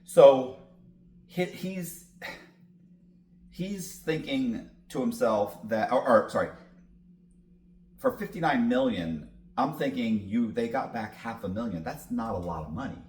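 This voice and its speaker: Animated, profane man telling a story. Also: mid-range voice, a little slow, pauses often, reverberant. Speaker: podcast guest. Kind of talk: storytelling interview.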